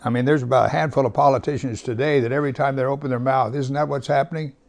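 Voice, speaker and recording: A man teaching through a psalm, reading verses slowly with heavy emphasis and sometimes dropping almost to a whisper. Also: mid-range voice, steady tone, creaky, darkish tone. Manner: drops to a near whisper at times. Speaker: pastor. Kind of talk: Bible teaching.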